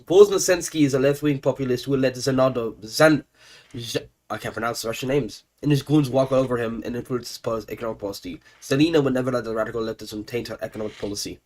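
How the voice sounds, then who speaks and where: A man's voice: mid-range voice, darkish tone, lightly acted, rough recording. Guy voicing a stern politician arguing, trips over the names. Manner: halting, stumbles over names.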